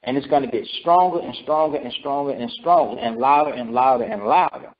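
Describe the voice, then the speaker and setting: A scripture teacher with a medium-pitched voice moves fairly quickly through his sermon, restating points and asking "right?" and "okay?" The lo-fi recording has a dull sound.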